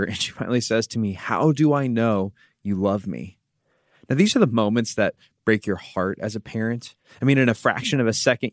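A man's voice: medium pitch, no room sound, clean studio sound. Earnest man hosting a Bible talk. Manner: earnest storytelling, drops soft and quiet for tender moments. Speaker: podcast host.

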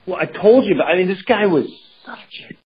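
A man hosting a podcast in casual chat, telling stories in an animated, rambling way with many restarts. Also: high voice, fairly quick, a crowd in the background. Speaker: podcast host. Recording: dull lo-fi sound with faint noise.

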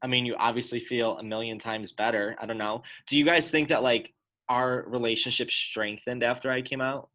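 A young adult man in casual chat with friends, relaxed and chatty, filling his talk with "like". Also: medium pitch, fairly quick.

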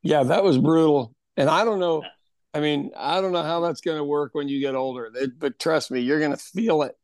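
A man of about sixty co-hosting a podcast, telling stories in an animated, casual way and laughing often. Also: fairly high pitch, normal speed, no room sound, clean studio sound. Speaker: podcast co-host, pub owner. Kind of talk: casual chat.

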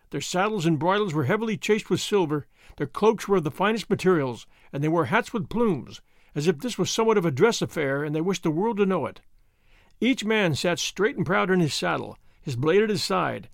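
A man narrating a classic adventure novel as an expressive audiobook host. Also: high-pitched, creaky, no echo, studio quality.

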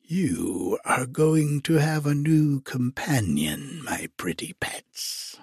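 A man's voice: fairly high pitch, big pitch swings, slow, vocal fry, darkish tone, breathy edge, no room sound, pitched above the performer's own voice, exaggerated voice. Cruel old storybook witch, hissing and menacing, dry close sound; a man reads her. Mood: gloating.

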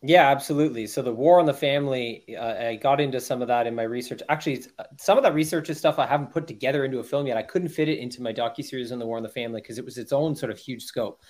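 A man's voice: medium pitch, racing, few pauses, a little mellow. A man talking earnestly and emphatically as a guest on a podcast interview, with frequent restarts.

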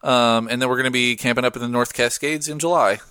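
A man's voice: quick pace, clear, resonant tone, no room sound, studio quality. A man hosting a podcast in casual chat, laid-back and slangy. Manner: laid-back, slangy, swings up in pitch when excited. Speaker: podcast host.

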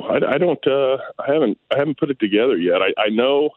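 A man talking casually as an interview guest, rambling and relaxed, repeating words as he restarts his sentences. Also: medium pitch, normal speed, no room sound. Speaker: interview guest, retired baseball player. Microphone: phone. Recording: tinny phone line, dry.

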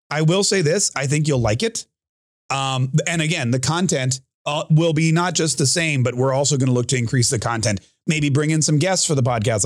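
A man hosting his own political podcast, talking in a rambling, boastful monologue full of restarts and animated asides. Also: a little high, no room sound, clean studio sound. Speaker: podcast host.

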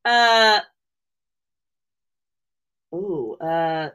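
A woman's voice: lowish voice, expressive, drawn-out words, fairly bright tone, smooth, low-quality recording. A woman chatting as an interview guest, telling emotional stories in an effusive way with lots of fillers. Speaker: guest, wrestling personality and convention host. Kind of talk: casual interview chat.

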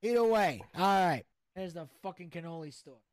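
A man's voice: high-pitched, expressive, normal speed, no echo. A man doing a brash cursing mobster boss. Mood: cocky. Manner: swaggering, cursing, blustery rants.

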